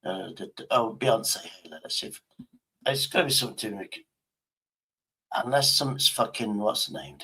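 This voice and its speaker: A man's voice: on the low side, moderate pace, long pauses, pushed and bright, husky. A man livestreaming in casual chat, rambling to himself and swearing constantly.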